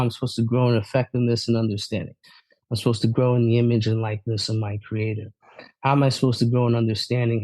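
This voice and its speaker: A man giving an energetic testimony at a recovery meeting, asking rhetorical questions and laughing often. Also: mid-range voice, no echo.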